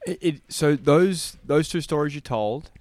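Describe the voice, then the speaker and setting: A man hosting a podcast interview, asking easygoing, halting questions. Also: a little high, a little mellow, no room sound. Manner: easygoing, hesitant questions with restarts. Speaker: podcast host. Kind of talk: casual interview.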